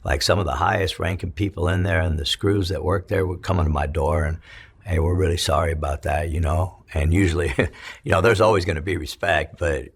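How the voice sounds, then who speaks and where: A middle-aged man from California, telling his story in an interview, profane and halting with many restarts. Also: low-pitched, a little hiss or hum. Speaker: interview guest, former prisoner. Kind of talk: emotional storytelling.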